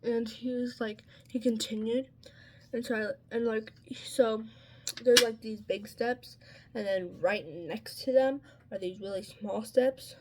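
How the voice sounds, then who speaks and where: A woman's voice: fairly high pitch, steady tone, takes it slowly, slight background noise. A woman vlogger telling a story in a casual chat while getting ready, full of "like" and "um" and sounding exasperated. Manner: chatty, peppered with "like" and "um".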